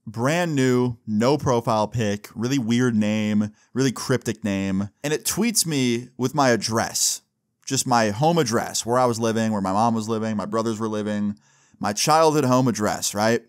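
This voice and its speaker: A man's voice: medium pitch, moderate pace. A young man with a mid-range voice tells a story from his own life in a loose, chatty way. He swears freely and keeps checking in with the listener with "right?" and "like". It sounds like a casual storytime monologue. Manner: loose and profane, with frequent "like" and "right?" tag questions.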